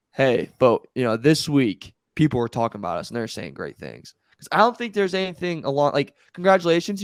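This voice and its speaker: A man co-hosting a sports podcast, animated and incredulous in casual chat. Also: on the high side, no echo, studio quality. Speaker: podcast co-host.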